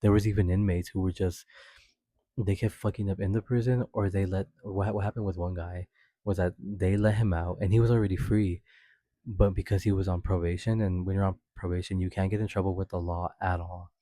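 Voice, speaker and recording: A man's voice: flat delivery, fairly quick, warm tone, no echo. A young man hosting a podcast, telling a personal story in a chatty, swearing way with laughs. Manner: chatty, swears often, laughs while telling, acts out quotes in a high voice. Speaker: podcast host. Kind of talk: casual storytelling.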